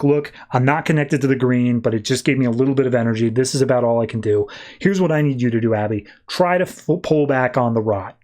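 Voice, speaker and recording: A man hosts a comics podcast and retells the plot of an issue in a loose, chatty way. He jumps into quick quoted lines for the characters as he goes. His pitch sits in a middle range for a man. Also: darkish tone. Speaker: podcast host. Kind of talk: casual comic book recap.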